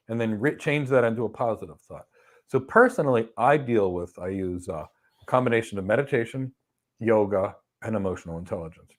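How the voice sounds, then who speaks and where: Middle-aged guy doing career q&a, voice jumps around a lot, tells stories and does the voices. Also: medium pitch. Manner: animated storytelling, acts out quoted people. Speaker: host answering career questions. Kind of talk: live Q&A advice talk.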